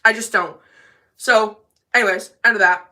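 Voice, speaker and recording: Bright-voiced woman ranting on a livestream. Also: mid-range voice, steady tone, moderate pace. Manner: emphatic, defiant, rambling. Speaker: livestreamer with a service dog. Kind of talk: casual livestream rant. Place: bathroom.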